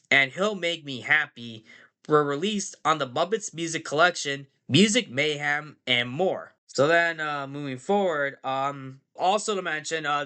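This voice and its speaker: A man's voice: on the high side, pushed and bright. A man giving a casual, rambling movie review vlog, full of fillers and tag questions.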